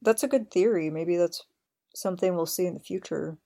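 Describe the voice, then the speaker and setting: A woman's voice: fairly low pitch, a little fast, gravelly, warm tone. A woman hosting a podcast, eagerly recounting scenes in detail with open admiration. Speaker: podcast host. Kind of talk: casual chat.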